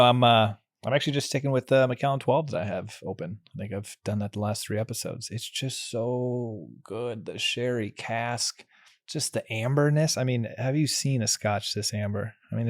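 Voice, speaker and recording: A man's voice: lowish voice, moderate pace, no echo, studio quality. Easygoing man co-hosting a podcast. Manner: easygoing, joking, savoring. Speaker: podcast co-host. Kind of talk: casual chat.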